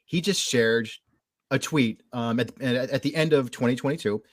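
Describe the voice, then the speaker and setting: A man's voice: medium pitch, moderate pace, dry recording, studio quality. A man co-hosting a podcast, explaining a topic in an easygoing way, with many restarts. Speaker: podcast co-host. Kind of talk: casual podcast chat.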